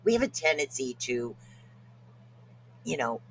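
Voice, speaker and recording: Jokey podcast co-host with a bright voice. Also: medium pitch, very animated, a little slow, vocal fry, a little hiss or hum. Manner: jokey, laughs at own stumbles over words. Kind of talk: casual self-help talk.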